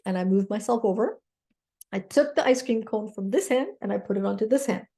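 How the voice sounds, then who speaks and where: Woman life coach telling a story, mellow warm voice, keeps saying okay?, sincere and thankful. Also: mid-range voice, fairly quick. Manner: earnest, grateful, inspirational. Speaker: mindset coach. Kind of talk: personal storytelling to camera.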